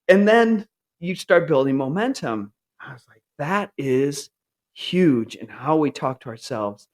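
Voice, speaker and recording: A man in his forties shares a candid personal story in an earnest, open way. His slightly high voice rises and falls in a lively way, and it jumps up higher when he acts out his upbeat self-talk. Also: a little slow.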